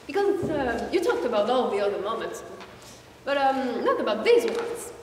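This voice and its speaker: A woman's voice: fairly high pitch, sing-song, moderate pace, a little mellow. A woman playing a sly female defense lawyer in a school stage play, hesitant with many fillers and theatrical. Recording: echoey hall, far from mic, faint noise.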